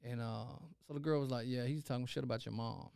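A man's voice: mid-range voice, steady tone, quick pace, vocal fry, a little mellow, clear, resonant tone, no echo, studio quality. A young man telling a story in a casual chat, acting out quotes and swearing freely.

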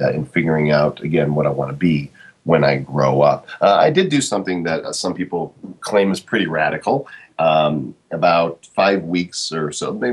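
A man's voice: rumbling low, slightly rough. A man in his forties hosting a talk show, speaking reflectively with frequent fillers and restarts. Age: 40s. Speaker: podcast host. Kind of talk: casual monologue.

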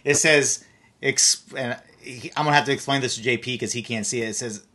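A man's voice: mid-range voice, pushed and bright. A middle-aged man hosting a casual chat, teasing his guest and joking freely. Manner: teasing, quick to joke with the guest. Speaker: host.

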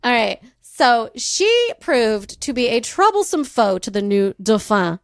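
Woman podcast co-host from California, animated storyteller, higher voice, dry close sound. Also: slow pace, no room sound. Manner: animated, laughs often, acts out quoted voices. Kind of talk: casual storytelling chat.

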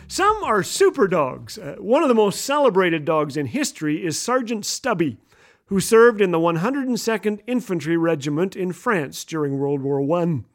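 Lively high-voiced male radio host. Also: moderate pace. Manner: playful, laughs at his own jokes. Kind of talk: humorous storytelling monologue.

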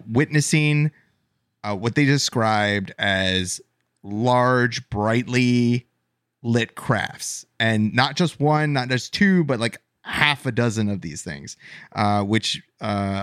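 A man co-hosting a podcast, telling a story in a casual, halting way with many fillers. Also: lowish voice, a bit bright, clean tone, no room sound, clean studio sound. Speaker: podcast co-host narrating the story.

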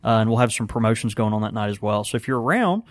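A man, co-hosting a casual talk show from a small pipe shop, relaxed and chuckling, with lots of fillers and restarts. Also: on the low side, quick pace, no echo, clean studio sound. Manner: laid-back, chuckling, many fillers and restarts. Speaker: podcast co-host and pipe shop worker. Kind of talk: casual chat.

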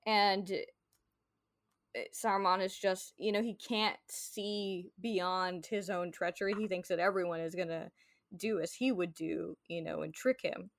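A woman co-hosts a podcast in casual chat, speaking loosely with heavy use of "like" and other fillers while playfully paraphrasing characters. Her lowish voice is steady and measured, recorded at studio quality with no echo.

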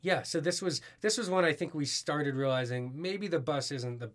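A man's voice: fairly high pitch, moderate pace, a bit bright. A man guest on a podcast telling a touring story in casual chat, rambling with many fillers. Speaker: musician guest.

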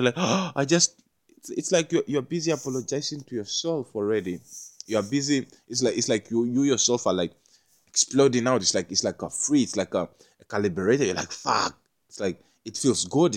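A man giving a casual spiritual talk, rambling, restarting his words often and swinging between quiet and loud. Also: lowish voice. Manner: acts out little quoted voices with gasps and curses.

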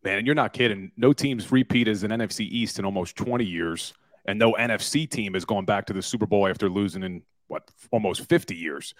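A man's voice: on the low side, a little fast, no room sound. A man of forty, a former lawyer turned podcaster, telling stories with energy in a casual sports talk interview. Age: 40s. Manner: energetic, storytelling, self-deprecating.

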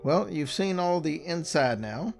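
A man's voice: a little high, expressive, a little slow, creaky, darkish tone, faint music behind, voice pushed up. A man voicing a genial middle-aged male headmaster who speaks in a casual, breezy way. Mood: measured.

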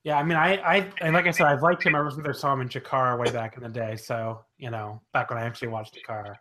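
Bright-voiced rambling male podcaster. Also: medium pitch, steady tone, fast talker, poor audio. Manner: rambling, lots of fillers and self-corrections. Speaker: podcast co-host. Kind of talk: casual wrestling chat.

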